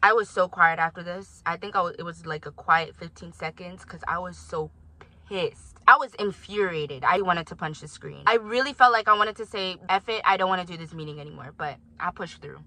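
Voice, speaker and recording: A woman's voice: fairly low pitch, moderate pace, sharp tone, dry recording, low-quality recording. A young woman vlogging, talking straight to her viewers in emphatic, indignant commentary. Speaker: vlogger reacting to her own recording. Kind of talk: heated commentary.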